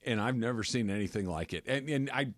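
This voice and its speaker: A man's voice: medium pitch, brisk, no echo, clean studio sound. A man hosting a sports radio show, telling casual stories with lots of laughter. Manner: animated, laughs often, tells stories.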